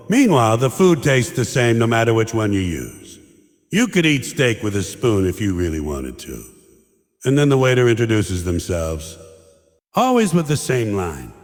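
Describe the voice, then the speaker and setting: A man's voice: mid-range voice, very animated, moderate pace, long reverb tail. A man performing a stand-up comedy monologue, ranting in a sarcastic, exasperated way and mocking others in put-on quotes.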